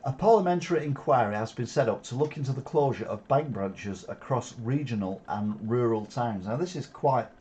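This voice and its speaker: A man reads news headlines and adds sarcastic, opinionated comments, pausing often with "uh". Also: medium pitch, animated, warm tone. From England. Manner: sarcastic asides, frequent "uh" hesitations.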